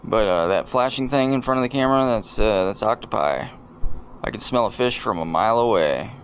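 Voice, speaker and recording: A man hosting a video and commenting casually over clips in a deadpan, rambling, joking way. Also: fairly low pitch, fairly quick, a little hiss or hum. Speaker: video host.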